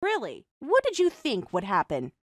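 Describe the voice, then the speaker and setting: A young woman voicing a calm, mocking designer who also narrates the story in first person. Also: medium pitch, dry recording, clean studio sound. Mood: cold mocking. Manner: cool, mocking, measured.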